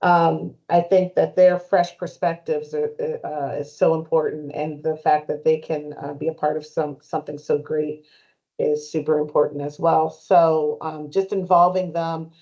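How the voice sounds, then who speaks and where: Woman, mellow low voice, halting, lots of fillers, muffled meeting recording. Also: flat delivery. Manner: halting, many fillers and restarts. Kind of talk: meeting discussion. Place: meeting room.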